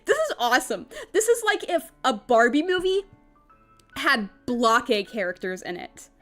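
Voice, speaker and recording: A young woman streaming a visual novel, reading the characters' lines aloud and reacting with giggly, animated commentary. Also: on the high side, measured pace, faint music behind.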